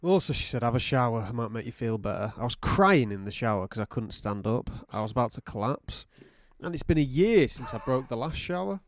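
A young man, co-hosting a podcast in relaxed chat. His pitch sits in the middle, and he acts out the lines he quotes as he tells a story. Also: fairly quick, no echo. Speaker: podcast co-host. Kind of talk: casual chat.

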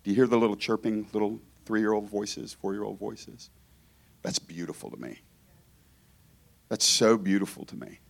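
In a gravelly, somewhat low voice, a man from Georgia preaches as a guest in a church at a moderate pace with long pauses. The informal sermon is conversational and joking, and he often breaks off to start his thoughts over.

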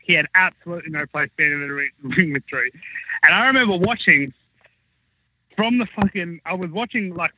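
A man with a high, husky voice tells a rambling, profane wrestling anecdote in casual podcast chat. His speech is heard on dull lo-fi podcast audio with a dry, close sound. He piles up restarts and asides as he builds the story. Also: dry recording. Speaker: wrestling talent recounting backstage stories.

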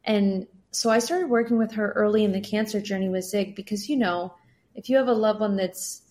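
A woman guest on a podcast, telling personal stories in an earnest, sometimes animated way. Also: medium pitch, a little fast. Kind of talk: casual podcast conversation.

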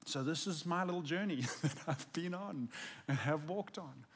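Earnest high-voiced male pastor preaching. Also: normal speed, husky. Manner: earnest, emphatic, personal storytelling. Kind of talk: conversational sermon.

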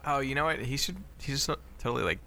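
A man co-hosting a podcast in casual comedic chat, laid-back and halting. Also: medium pitch, lively intonation, vocal fry. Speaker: podcast co-host. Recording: loud background hiss.

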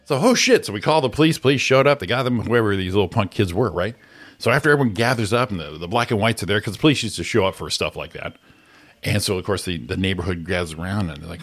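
Animated man telling stories on a morning show. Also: lowish voice, fast. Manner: animated storyteller, shouts out quoted voices. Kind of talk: casual storytelling chat.

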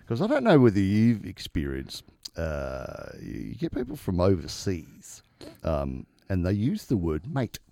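Older man, Australian accent, animated pitch, dry close sound, chatty, laughs a lot. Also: unhurried, creaky, dry recording. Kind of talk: casual chat.

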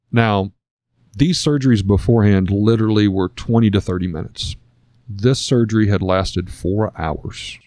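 A middle-aged man sits for an interview and talks through a personal story in an earnest, reflective way. His voice sits a little low, and the sound is dry and close, with no room around it. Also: darkish tone, dry recording. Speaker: guest sharing a personal story. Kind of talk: conversational storytelling.

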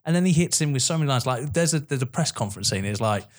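A young man co-hosting a podcast, chatting about films in an animated, swearing, laughing way. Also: mid-range voice, fast. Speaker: podcast co-host. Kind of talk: casual film chat.

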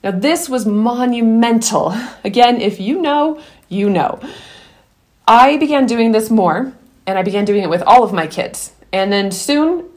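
Woman podcaster talking parenting, earnest and encouraging, restarts her sentences a lot. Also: mid-range voice. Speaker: podcast host giving parenting advice. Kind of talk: earnest advice talk mixed with personal story.

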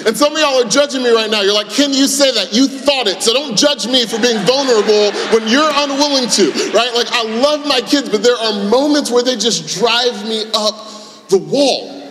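A man, preaching a sermon in a conversational, self-deprecating way, moving from hushed prayer to loud animated storytelling. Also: very high voice, normal speed. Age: 30s. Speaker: pastor. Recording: echoey hall with long reverb.

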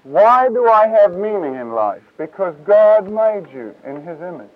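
Man preacher, high voice, animated and folksy; tinny lo-fi tape sound. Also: measured pace, no room sound. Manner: lively, casual, acts out scripture voices. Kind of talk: Bible teaching talk.

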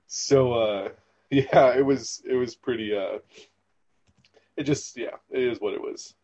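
A young man telling stories in a casual interview, animated and rambling with lots of fillers. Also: mid-range voice, a little slow, slight background noise. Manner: animated, rambling, filler-heavy with frequent laughs. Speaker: podcast guest, former theme park ride guide. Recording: dull lo-fi recording.

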